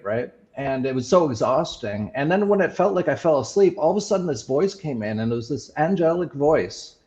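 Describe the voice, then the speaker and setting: A man hosting a talk show, telling a personal story in a casual, reflective way, often pausing and restarting with fillers. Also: a little high, darkish tone, highs cut off. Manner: halting, many fillers and restarts. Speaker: show host sharing his experiences.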